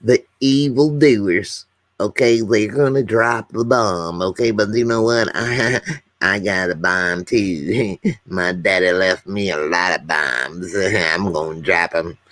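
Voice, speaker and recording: A man doing a quick impression of a cocky, folksy male president making tough boasts. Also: sits low, fairly bright tone, dry recording. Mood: boastful.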